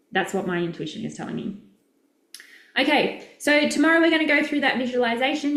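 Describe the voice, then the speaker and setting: A woman's voice: mid-range voice, echoey room. A middle-aged Australian woman coaching in a chatty, direct, upbeat way during a casual live stream. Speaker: business coach.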